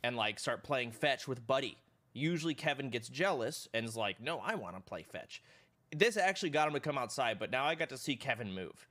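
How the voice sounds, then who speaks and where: A man live streaming, telling his chat a rambling, profane story in a casual, animated way. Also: medium pitch, a little fast.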